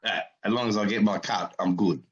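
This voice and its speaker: Dry teasing podcast host. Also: male voice, on the low side, fairly even intonation, a little fast, dull audio. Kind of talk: casual podcast chat.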